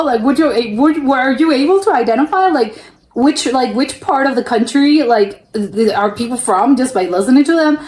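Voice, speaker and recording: A woman's voice: a little high, lively intonation, a little fast, a little mellow. Woman, from the United States, casual reaction commentary, rambling filler-heavy talk, roomy echo. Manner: rambling, heavy use of "like", frequent restarts and laughs. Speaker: reaction video host.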